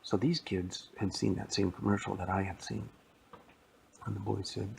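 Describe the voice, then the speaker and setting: A man's voice: lowish voice, flat delivery, normal speed, vocal fry, a little hiss or hum, low-quality recording. A man telling a playful, rambling story that he makes up as he goes. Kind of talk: improvised spoken story.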